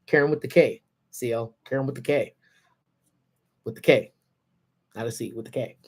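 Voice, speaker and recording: A man hosting a casual livestream, telling stories in an animated, laid-back way with lots of slang, from a parked car. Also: mid-range voice, normal speed, husky. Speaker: livestream host. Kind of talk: casual storytelling.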